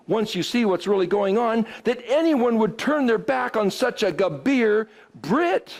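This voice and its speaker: A man teaching a Bible study class to a group, explaining word roots in an animated, exclamatory way. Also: high-pitched, moderate pace.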